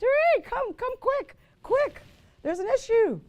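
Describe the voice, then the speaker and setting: A woman voicing her startled older mother, who yells shrilly and urgently for her grown child. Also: very high voice, very animated, a little slow, lo-fi sound, voice pushed up, heavily acted. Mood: alarmed.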